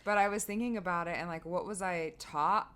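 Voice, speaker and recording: A woman's voice: fairly low pitch, a little fast, fairly bright tone, smooth. A young woman co-hosting a podcast, telling stories in a casual chat and laughing often. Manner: giggly, storytelling. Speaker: podcast co-host.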